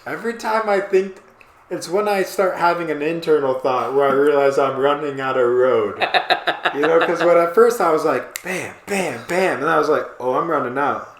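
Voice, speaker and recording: A man with a fairly high voice rambles through a casual podcast chat, breaking off and restarting his thoughts as he goes. He sounds animated and talkative. The room around him is echoey. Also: normal speed. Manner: rambling, animated, self-interrupting. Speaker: podcast co-host. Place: small apartment room.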